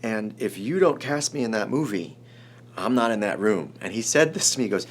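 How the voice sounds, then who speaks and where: Screenwriter guest, man, forties, from Chicago, low voice, excitable storyteller who restarts sentences. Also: brisk. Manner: animated, rambling storyteller, restarts often. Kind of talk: emotional storytelling in an interview.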